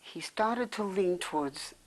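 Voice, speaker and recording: An older New York City woman recounts her life story in an interview, rambling and backtracking as memories come back. Her fairly low, darkish voice is expressive and unhurried, though the audio is poor.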